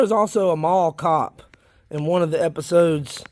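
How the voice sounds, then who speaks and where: Here a South Carolina man who vlogs about worm farming chats casually while filming his worm bins. His voice is a little high and his speed normal, with no room sound. He comes across as folksy, rambling and easily excited.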